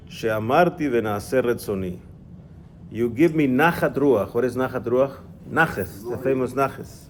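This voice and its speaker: A man's voice: medium pitch, a little hiss or hum. A man teaching an informal religious class, explaining step by step and checking in with his student.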